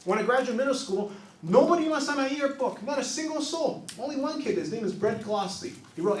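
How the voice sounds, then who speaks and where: Speaking at an extremely high pitch, this expressive man tells stories on a small improv club stage before a live audience, slipping into quick character voices. His first language isn't English. The recording is echoey and distant, with a faint hiss or hum.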